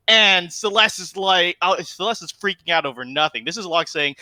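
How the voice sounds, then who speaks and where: A man's voice: high voice, very animated, brisk, few pauses, sharp tone, dry recording, rough recording. A man co-hosting a gaming podcast, ranting heatedly and profanely while quoting characters in mocking voices. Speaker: podcast co-host.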